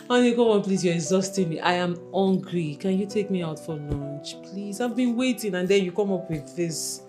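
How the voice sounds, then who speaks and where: A woman's voice: medium pitch, animated, unhurried, close to an everyday voice. An actress playing a young woman who coaxes and reassures her jealous lover. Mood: coaxing. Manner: coaxing, affectionate, reassuring. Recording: soft music underneath.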